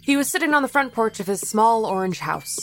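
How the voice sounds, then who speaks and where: A woman's voice: a little high, sing-song, fairly quick, fairly bright tone, soft background music. A young woman from Florida narrating a first-person story in a wry, conversational way. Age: young adult.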